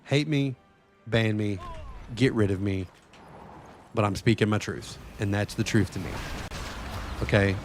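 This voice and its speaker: A man's voice: on the low side, moderate pace, long pauses, a little hiss or hum. A man streaming a game and chatting casually, swearing freely and ranting with animation. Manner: profane, animated rant.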